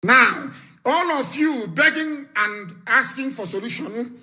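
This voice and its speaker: Fiery Nigerian man with a bright voice. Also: very high voice. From southeastern Nigeria. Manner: threatening, repetitive, lecturing, with sudden shouts. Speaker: live radio broadcaster. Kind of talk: fiery political broadcast.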